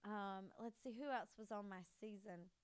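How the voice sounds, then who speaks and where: A woman in her thirties with a Southern US accent, a podcast guest chatting in a bubbly, gushing way with quick laughs. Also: mid-range voice, smooth, no echo. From American South. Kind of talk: casual interview chat.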